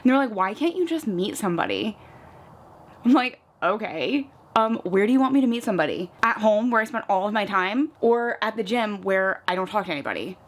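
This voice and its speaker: A young woman from the US East Coast talks fast with few pauses in a mid-range voice while doing her makeup at home. This vlogger's casual get-ready-with-me chat is full of "like" and animated little retellings.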